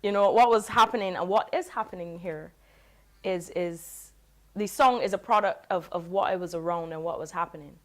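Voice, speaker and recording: A woman reggae singer, reflecting in a relaxed, casual interview. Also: fairly low pitch, normal speed. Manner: relaxed, reflective, with many "you know" fillers.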